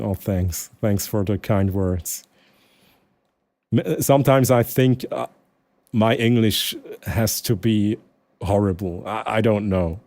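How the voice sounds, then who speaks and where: A man from Switzerland with a Swiss German accent, a native Swiss German speaker chatting casually with his stream viewers in English, often pausing and restarting as he searches for words. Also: lowish voice, darkish tone, no room sound. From Switzerland, Aargau. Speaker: live streamer.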